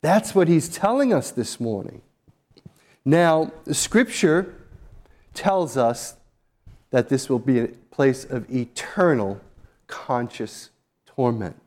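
A man's voice: medium pitch, lively intonation, slow, pauses often, a little mellow. A male pastor preaching a sermon in an earnest, emphatic way, repeating key phrases.

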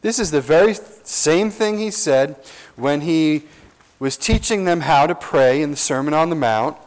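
A man preaching a verse-by-verse sermon in a slightly high voice. His delivery is unhurried and earnest. He leans hard on key words and keeps asking his listeners questions. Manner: earnest, emphatic, with slow drawn-out stresses and rhetorical questions. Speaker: pastor. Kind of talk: expository sermon.

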